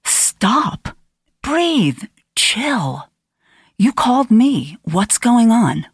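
A woman voicing a blunt, down-to-earth young woman with a low, muffled way of talking, in an audiobook reading. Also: big pitch swings, very slow, slightly rough, dry recording, clean studio sound, full character voice.

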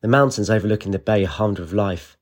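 A man with a lowish voice reads a fantasy audiobook aloud. His delivery is steady and measured, the voice of a storyteller. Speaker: narrator. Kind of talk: audiobook narration.

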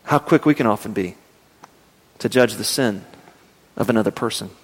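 A man preaching a sermon, telling stories and dropping his voice low and slow for emphasis. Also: husky, in a large hall. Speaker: pastor.

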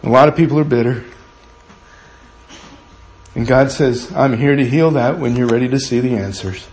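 A man preaching a sermon as pastor and leading a prayer, earnest and pleading, often dropping to a quiet hush. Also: mid-range voice, normal speed, slight background noise. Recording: very echoey room with faint ambience.

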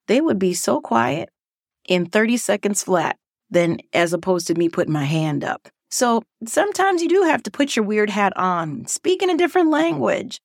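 A woman's voice: medium pitch, normal speed, gravelly, no echo. Playful woman podcast host, dry sound. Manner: playful and animated, acting out voices. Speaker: podcast host and former teacher. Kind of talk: casual reflective monologue.

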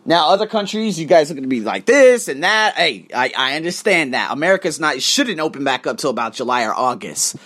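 A man hosting his own podcast, giving an animated, profane, preachy motivational monologue. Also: fairly high pitch, fairly quick, hardly any pauses. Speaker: podcast host. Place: abroad, living in Thailand.

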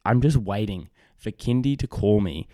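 A man's voice: lowish voice, animated, moderate pace, warm tone, dry recording, clean studio sound. A young adult man, hosting a casual solo podcast and telling rambling stories with lots of fillers and restarts. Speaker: podcast host.

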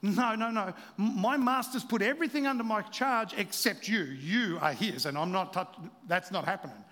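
A man voicing an upright young man who flatly refuses temptation, in a sermon retelling. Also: high-pitched, moderate pace, in a large hall. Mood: firm. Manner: firm, emphatic refusals.

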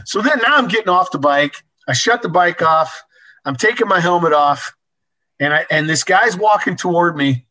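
An older man telling a casual anecdote in an animated, folksy way, chuckling as he goes. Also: sits high, moderate pace, poor audio. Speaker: storyteller.

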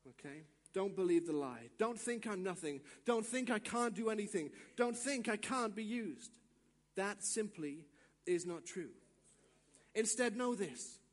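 A male pastor giving a sermon, acting out little dialogues and swinging from quiet asides to shouts. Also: sits high, big-room sound.

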